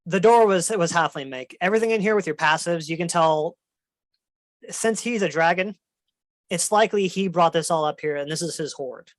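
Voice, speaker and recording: A man narrating as game master of a tabletop game, relaxed and descriptive with fillers. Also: fairly high pitch, normal speed, dry recording.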